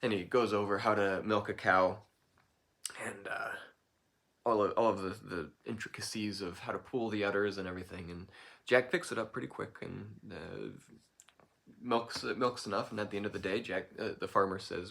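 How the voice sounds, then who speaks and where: A man casually telling a folk tale in a playful, lively way, throwing in animal noises. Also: on the low side, normal speed, vocal fry. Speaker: storyteller.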